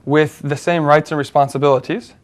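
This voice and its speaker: A man with a fairly high speaking voice leads a relaxed talk show discussion. He works through an argument step by step, pausing on fillers and restarting sentences as he thinks aloud. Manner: thoughtful, explaining step by step with many fillers and restarts. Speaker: co-host. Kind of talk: conversational discussion.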